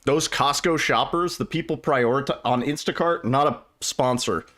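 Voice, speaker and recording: A man's voice: medium pitch, normal speed, a bit bright. A man streaming a speedrun, chatting casually and rambling as he answers his chat, with some casual swearing. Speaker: livestreamer and speedrunner.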